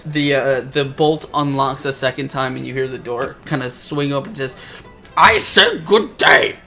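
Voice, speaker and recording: A man's voice: mid-range voice, level tone, normal speed, creaky, fairly bright tone, soft background music. A man narrating as game master for a tabletop game, rambling and searching for words as he describes scenes.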